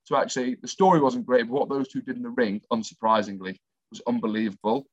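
A man's voice: mid-range voice, fairly even intonation, fast, no room sound. Chatty man, dry dull sound. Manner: enthusiastic storyteller, chatty. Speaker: co-host, former athlete. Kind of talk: casual chat.

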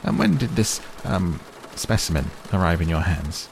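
A man's voice: low-pitched, expressive, normal speed, creaky, noisy background. A man voicing an old male tycoon who is cheerful, persistent and talks over others, read as an audiobook character. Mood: uneasy.

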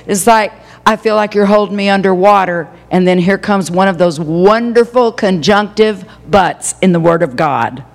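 A woman's voice: medium pitch, vocal fry. An older woman pastor preaching a passionate sermon, stretching out key phrases for emphasis. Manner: impassioned, drawn-out emphatic phrases. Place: church sanctuary. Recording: long hall reverb.

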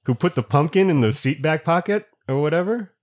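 A man co-hosting a casual podcast chat, joking and quick to laugh. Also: fairly high pitch, lively intonation. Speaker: podcast co-host.

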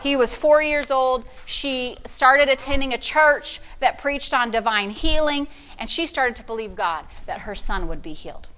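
A woman pastor preaching a fervent sermon, with call-and-response and sudden loud shouts of praise. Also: high-pitched, normal speed, hardly any pauses.

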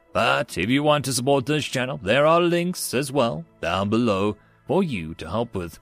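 A man's voice: mid-range voice, gravelly. A man narrating a science fiction story and signing off as the channel's host. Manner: expressive, friendly sign-off.

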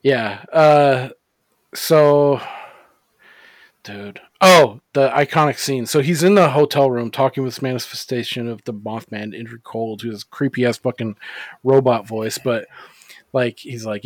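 A man's voice: mid-range voice, moderate pace, dry recording. A man co-hosting a casual movie podcast, rambling with lots of fillers and swearing freely. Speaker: podcast co-host.

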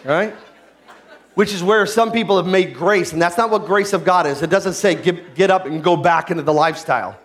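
A male pastor preaching a sermon, rising to shouted peaks and dropping to low, hushed teaching, with many rhetorical questions to the listeners. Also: fairly quick, slight background noise.

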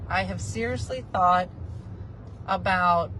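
A woman in her forties telling a casual, animated story from a moving car, often acting out the people she quotes. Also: fairly low pitch, slow. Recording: car road noise behind.

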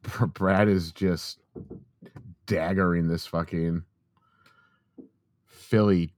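A man's voice: low-pitched, steady tone, drawn-out words, a little hiss or hum. A man from New England co-hosting a casual chat, teasing with crude, profane jokes. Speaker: podcast co-host.

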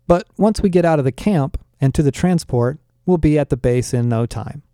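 A man voicing an earnest, oddly literal young man from another world, slow and halting. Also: a little high, warm tone, no room sound, clean studio sound, lightly acted. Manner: slow, halting, proud and naive.

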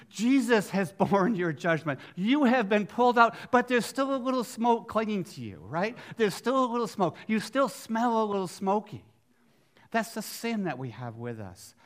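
Preaching in a high voice, this middle-aged pastor moves between hushed, almost whispered lines and forceful, loud emphasis, dropping in conversational asides and rhetorical questions along the way.

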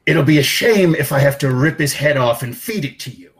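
A man's voice: medium pitch, animated, a little fast, pitched above the performer's own voice, lightly acted. A man voicing a cruel, bullying male giant warlord who sneers and threatens in a raised voice. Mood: menacing.

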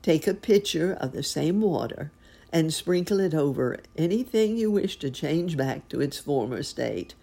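A woman voicing a calm, wise, mysterious male stranger in a storybook, speaking in a low questioning tone. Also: measured pace, vocal fry, husky, heavily acted.

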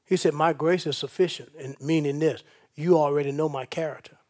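A man preaching a sermon as pastor, swinging between loud bursts and soft, folksy comfort aimed straight at his listeners. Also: a little high, fairly even intonation, brisk.

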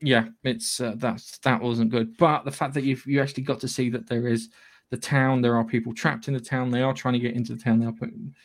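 A man's voice: medium pitch, little pitch movement, brisk. A man co-hosting a podcast in casual chat, blunt and sweary, rambling with frequent restarts. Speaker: podcast co-host.

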